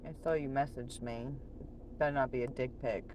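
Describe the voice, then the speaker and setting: A woman's voice: a bass voice, steady tone, fairly quick, darkish tone, a little hiss or hum. A woman chatting on a late-night livestream from home, profane and laughing often while she reads chat aloud.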